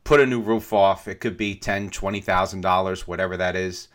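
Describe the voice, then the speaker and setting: A man's voice: low-pitched, steady tone, brisk, fairly bright tone. A man co-hosting a podcast, talking things through casually and often checking in with "right?". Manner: thoughtful, keeps asking "right?". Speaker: podcast co-host.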